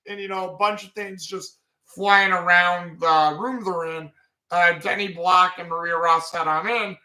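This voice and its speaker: A man's voice: high voice, sharp tone, reverberant. A man casually recapping an anime episode in a rambling way, with many fillers.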